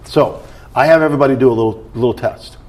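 A man's voice: mid-range voice, quick pace, a little mellow. A man teaching about prayer in conversation, explaining in an earnest way and often checking that he is followed.

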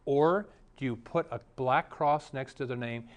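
A man's voice: mid-range voice, measured pace, highs cut off. A middle-aged male pastor preaching a sermon, telling stories and briefly acting out the voices of the people in them. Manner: storytelling preacher, acts out quoted voices.

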